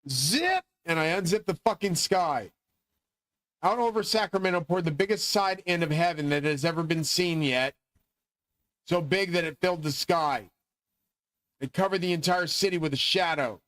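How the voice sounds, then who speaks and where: Middle-aged male host, grandiose profane rambler; slightly high voice, dry close mic. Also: moderate pace, fairly bright tone, dry recording, rough recording. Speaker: channel host. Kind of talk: rambling monologue.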